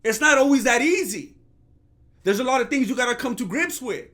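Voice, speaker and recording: A man's voice: very high-pitched, lively intonation, brisk, bright, forceful tone. A man hosting a comedic commentary rant, sarcastic and mock-outraged. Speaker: commentary channel host.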